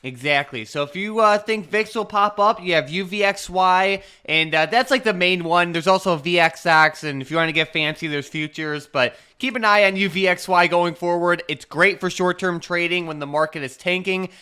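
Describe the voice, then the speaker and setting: Bright, clear-voiced male market co-host. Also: high voice, normal speed, hardly any pauses. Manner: relaxed and conversational, with frequent "uh" and "like". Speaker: co-host of a stock market show. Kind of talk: casual market chat.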